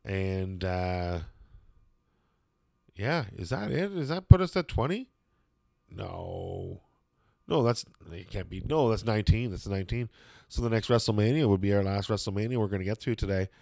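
A man's voice: lowish voice, moderate pace, a little mellow, dry recording, studio quality. A man chatting casually and opinionatedly as a show host, rambling with lots of fillers and some swearing.

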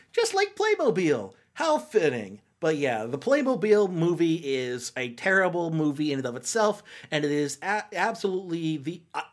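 A podcast host with a fairly high-pitched voice delivers a casual, comedic movie-review monologue. He's sarcastic and rambling, full of fillers and restarts.

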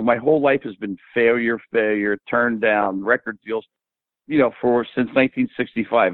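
A man's voice: mid-range voice, no echo. Older man telling stories over tinny audio. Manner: animated anecdote teller who acts out quoted dialogue. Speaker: guest. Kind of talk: casual storytelling interview. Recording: tinny phone-like dry audio.

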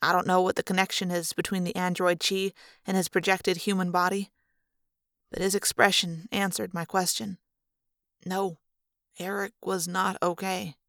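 Woman audiobook reader, earnest, subdued, gravelly, dry close mic. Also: on the low side, level tone, normal speed, a bit bright, no echo. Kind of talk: first-person audiobook narration.

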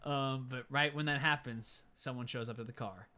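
A young man, a podcast co-host, casually retelling a movie scene by scene with lively quoted voices. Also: mid-range voice, normal speed. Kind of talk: casual movie recap chat.

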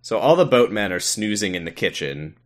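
Low-voiced man recapping casually. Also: a little fast. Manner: rambling, deadpan, profane asides. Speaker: podcast co-host. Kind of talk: casual chat recapping an episode.

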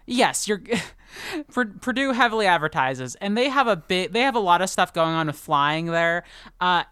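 A woman's voice: lowish voice, animated, moderate pace, a bit bright, clear, resonant tone, dry recording, studio quality. A woman co-hosting a casual book podcast, rambling with lots of fillers and restarts and laughing often. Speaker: podcast co-host. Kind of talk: casual book-discussion chat.

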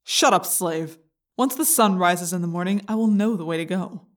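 A woman's voice: on the low side, moderate pace, close to an everyday voice. A woman reading a cold alien parasite. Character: cold cruel male alien parasite controlling a boy. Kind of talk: audiobook character voice.

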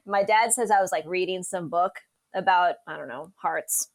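A lively woman, a meteorologist appearing as a podcast guest, recounts stories from her life in a casual interview. Her lowish voice moves at a moderate pace as she laughs through anecdotes and acts out the voices of people she quotes.

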